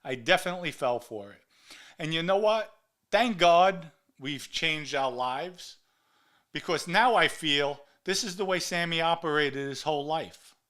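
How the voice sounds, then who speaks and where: A middle-aged podcast host delivers an angry monologue to camera, ranting heatedly and hammering his insults through repetition. His voice sits on the high side, unhurried, with a fairly bright tone.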